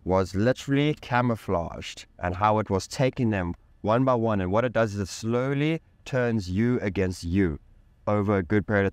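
A man's voice: lowish voice, dry recording. A man speaking as a podcast guest, telling a candid personal story with intense emphasis, casual slang and swearing.

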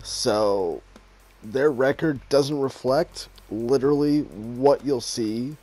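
A man in his thirties commentating his own football video game, swinging from muttered asides to loud, exasperated, swearing outbursts. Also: mid-range voice, slow. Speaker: gaming YouTuber playing a football video game. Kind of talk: casual live gameplay commentary.

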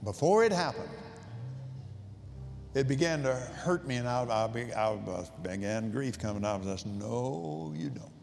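A man's voice: medium pitch, moderate pace, darkish tone. A man preaching a sermon to a convention crowd, telling a personal story in a heartfelt way, often repeating words as he searches for them. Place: large convention hall. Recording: long hall reverb, faint music.

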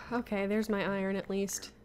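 With a flat delivery at normal speed, this young woman's medium, slightly mellow voice comes through over slight background noise. She's playing Minecraft survival, talking to herself, laughing often and grumbling in exasperation.

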